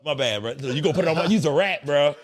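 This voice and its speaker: A man's voice: on the high side, expressive, quick pace. A man hosting a podcast, teasing his guest in casual, profane banter, on a close mic. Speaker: podcast host. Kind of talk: casual interview chat.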